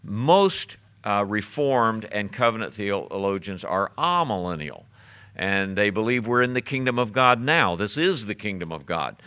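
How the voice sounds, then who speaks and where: A man's voice: lowish voice, expressive, normal speed, bright, forceful tone, smooth. A male pastor teaching his church in a conversational sermon, with frequent fillers and restarts.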